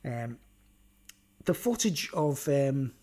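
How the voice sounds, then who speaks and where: Scouse male vlogger, mid-pitched, loose meandering rant, swears and chuckles freely. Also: big pitch swings, slow pace, warm tone. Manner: rambling, keeps tagging "right?" and "you know what I mean?"; blunt and sweary, with frequent chuckles. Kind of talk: rambling monologue.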